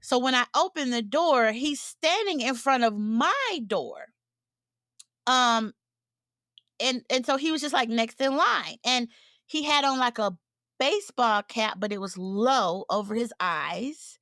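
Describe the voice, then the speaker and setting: A woman co-hosting a podcast, telling a story in casual chat, animated and laughing as she acts out what people said. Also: on the high side, a little slow, dry recording, studio quality. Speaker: podcast co-host.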